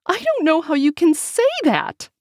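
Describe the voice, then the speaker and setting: A woman voicing a panicked, firm wife in an audiobook, speaking high and sharp. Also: expressive, fairly quick, no echo, clean studio sound. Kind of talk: audiobook character reading.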